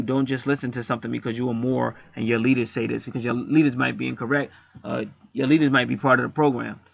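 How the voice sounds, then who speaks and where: A man's voice: medium pitch, gravelly, a bit bright, no room sound, dull audio. A middle-aged man acting as a spiritual reader, talking bluntly in a casual streetwise monologue and swearing freely.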